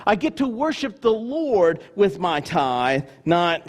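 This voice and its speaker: A male pastor preaching a sermon with emphatic swings between loud declarations and hushed, mocking asides. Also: sing-song, measured pace, few pauses. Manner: mimics grudging churchgoers in low mocking asides.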